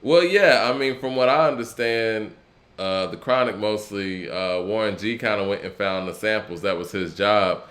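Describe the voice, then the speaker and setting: Laid-back low-voiced man talking hip hop. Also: moderate pace, a bit bright. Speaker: podcast co-host. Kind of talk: casual hip hop discussion.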